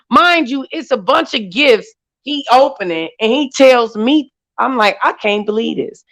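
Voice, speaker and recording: Brief: woman in her 40s, panel chat, lively storyteller who acts out quotes. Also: high-pitched, a little slow, poor audio. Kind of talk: casual group chat.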